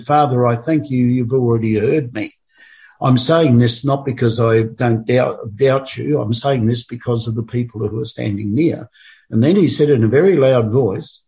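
A man's voice: medium pitch, a little mellow. A man leading a Bible study, retelling scripture passages in a conversational way with asides. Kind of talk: informal Bible study explanation.

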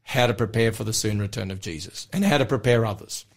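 Hoarse man co-hosting a radio Bible study. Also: on the low side, quick pace. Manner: earnest, with frequent fillers and restarts. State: hoarse from a recent illness. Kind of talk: casual on-air Bible discussion. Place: radio studio.

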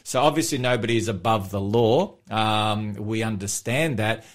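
A man's voice: lowish voice, moderate pace. An Australian pastor co-hosting an afternoon radio show. His talk is loose and rambling, full of ums and restarts, and he laughs easily. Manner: chatty, animated, laughs often, rambling with fillers. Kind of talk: casual radio chat. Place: radio studio.

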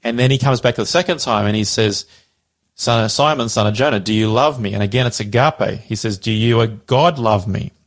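A man's voice: on the low side, fairly quick. A man casually explaining a Bible passage, animatedly acting out the quoted dialogue.

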